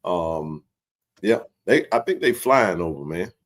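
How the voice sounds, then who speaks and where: A man hosting a casual sports livestream, animated and joking in colloquial speech. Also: sits low, unhurried. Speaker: sports talk show host.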